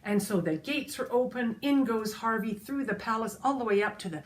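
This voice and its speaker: A woman storyteller telling a folk tale to children, expressive and speaking straight to her listeners. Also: a little high, fairly quick. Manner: expressive, addresses listeners directly.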